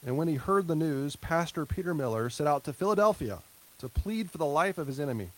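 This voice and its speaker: Man, pastor, conversational sermon, slightly higher voice, casual asides. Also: animated, a little fast, low-quality recording. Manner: conversational preaching with light laughs and asides.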